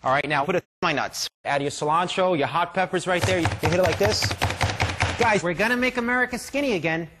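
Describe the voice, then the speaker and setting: A man giving a pushy, emphatic product demonstration as an infomercial pitchman. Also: fast, noisy background. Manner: pushy, emphatic salesman patter.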